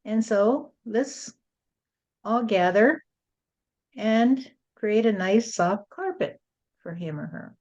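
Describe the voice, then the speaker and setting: A woman channeling a spiritual teaching, gentle and repetitive, often adding "you see", on a dull lo-fi recording. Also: mid-range voice, expressive, slow, pauses often.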